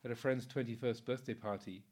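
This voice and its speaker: In a slightly rough voice of medium pitch, a Buddhist monk in his sixties speaks fairly quickly through an informal Dharma talk. He's relaxed and anecdotal, chuckling frequently and using many fillers.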